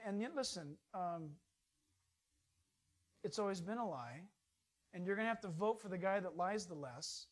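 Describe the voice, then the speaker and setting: High-voiced folksy male preacher. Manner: folksy, jokey, swings from loud to hushed. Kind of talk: informal sermon.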